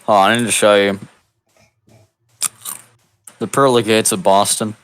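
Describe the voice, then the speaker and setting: A man narrating an improvised comedic text adventure in a deadpan, mock-epic storybook manner over a voice call. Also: on the low side, unhurried, a little hiss or hum. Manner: deadpan, absurd storybook delivery. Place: online voice call.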